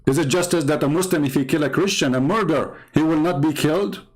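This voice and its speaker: A man's voice: on the high side, quick pace. A man hosting polemical commentary, talking in a mocking, sarcastic way and laughing at his own jokes. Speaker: host.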